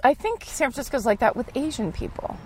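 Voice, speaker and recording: A woman's voice: fairly high pitch, sing-song, brisk, mellow, slight background noise, rough recording. A middle-aged woman co-hosting a podcast in a casual chat, making dry, teasing asides. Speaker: podcast co-host.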